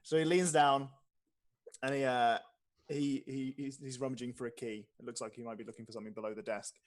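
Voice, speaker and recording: A man narrating as game master for a tabletop game. He describes places and people at an unhurried pace, often hesitating and restarting. His voice sits at a middle pitch. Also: fairly even intonation. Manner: descriptive, with frequent fillers and restarts.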